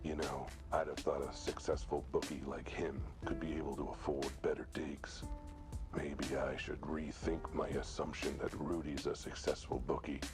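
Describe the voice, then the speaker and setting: A man's voice: extremely low pitch, level tone, moderate pace, voice pushed down. A man voicing a broke male gambler's inner thoughts in whispered role-play. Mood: scheming. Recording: game music clearly underneath.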